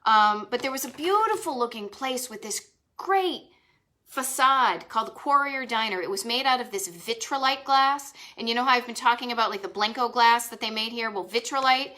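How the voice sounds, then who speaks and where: A woman's voice: on the high side, normal speed, bright, forceful tone. A woman with a Boston accent hosting a live stream, chatting with enthusiasm and rambling asides. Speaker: host of a retro travel live stream. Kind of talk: casual live-stream chat.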